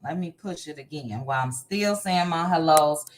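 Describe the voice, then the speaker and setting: A woman's voice: low-pitched, normal speed. A woman hosting a livestream, greeting her viewers by name one after another in a casual, chatty way. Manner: reads viewer names in a warm, chatty run of hellos. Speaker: livestream host. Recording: faint music behind the voice. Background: faint background music.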